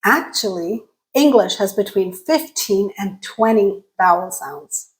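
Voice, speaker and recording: A woman teaching English pronunciation as the host of her channel, talking straight to viewers in a clear, deliberate way. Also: mid-range voice, expressive, rough recording. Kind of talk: scripted lesson to camera.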